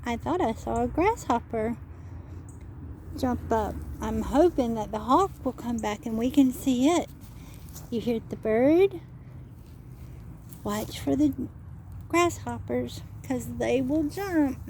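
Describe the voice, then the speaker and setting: Slow, gravelly woman talking to kids. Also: on the high side, animated, a little mellow, a little hiss or hum. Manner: patient, teacherly, keeps asking children questions; spells words out letter by letter. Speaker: children's educator. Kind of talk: nature walk talk for children. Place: outdoors on a walk.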